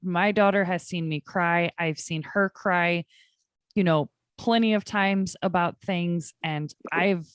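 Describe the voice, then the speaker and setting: A woman's voice: on the low side, steady tone, slow, clean tone, dry recording, studio quality. A young adult woman, a podcast guest, talking candidly and chattily about her life, with many fillers. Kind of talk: conversational interview.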